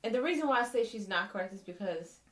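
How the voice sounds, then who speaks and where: A woman guest on a reaction video, talking in a measured, questioning way. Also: medium pitch, animated, over a noisy crowd. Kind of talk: casual reaction chat. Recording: echoey and distant.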